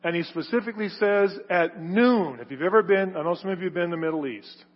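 A preacher with a fairly high, husky voice delivers an emphatic sermon, swelling on key words and then sinking to a hush. His voice rings with a long hall reverb, and the recording sounds dull and lo-fi. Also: quick pace. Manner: emphatic, builds to loud stressed phrases then drops low.

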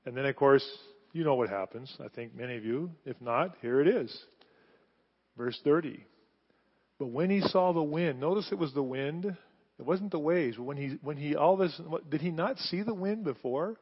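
A middle-aged man preaching a sermon, telling the story with animated delivery and rhetorical questions. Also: fairly high pitch, moderate pace, slightly rough. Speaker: pastor. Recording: muffled sound, long hall reverb.

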